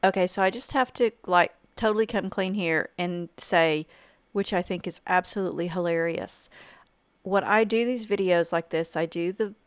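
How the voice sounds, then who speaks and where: A middle-aged woman teaching art journaling in a casual, chatty voice-over, enthusiastic and quick with self-deprecating asides. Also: fairly low pitch, smooth, dry recording. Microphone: home voice-over mic.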